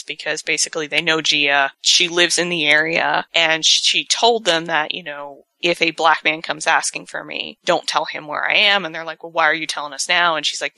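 A woman's voice: sits low, pushed and bright, no room sound. A woman co-hosting a casual chat, animatedly retelling a story and acting out the characters' lines. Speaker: podcast co-host recapping a TV episode.

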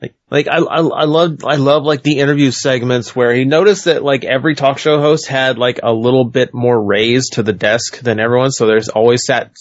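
Man, casual chat, filler-heavy, frequent restarts, average pitch, dry sound. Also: fairly even intonation, normal speed, few pauses, no room sound. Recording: dull lo-fi sound.

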